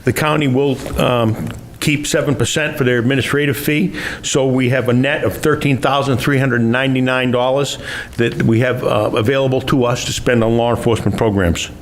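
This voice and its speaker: A man's voice: medium pitch, steady tone, moderate pace. A man speaks as police chief at a council meeting. He briefs the council in a formal, polite way, with an occasional filler. Faint background noise is heard behind him. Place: town council chamber.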